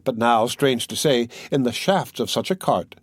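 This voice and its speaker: A man narrating a classic novel as an audiobook in an expressive storytelling manner. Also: mid-range voice, moderate pace, breathy edge, no echo.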